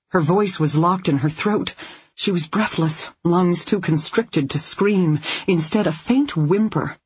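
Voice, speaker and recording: An audiobook narrator reading a dark thriller with tense, measured storytelling. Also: medium pitch, husky. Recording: dull lo-fi recording.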